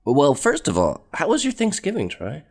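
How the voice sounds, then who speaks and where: A man co-hosting a podcast, hoarse and deep-voiced from a head cold, joking in a laid-back way. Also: huge pitch swings, normal speed. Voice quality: deep and bassy. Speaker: podcast co-host. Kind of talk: casual podcast chat.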